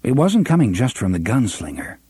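Warm husky man narrating an audiobook. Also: medium pitch, very animated, a little fast, no echo. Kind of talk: scripted narration.

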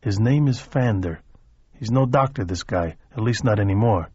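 A man reading a gruff middle-aged male mob boss in a low, curt, commanding voice. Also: moderate pace, warm tone, no echo, highs cut off.

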